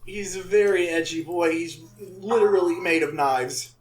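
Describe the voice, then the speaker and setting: A man co-hosting a podcast, chatting casually and joking excitably. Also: sits high, reverberant, a little hiss or hum. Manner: excitable, quick to joke. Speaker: podcast co-host. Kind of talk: casual chat.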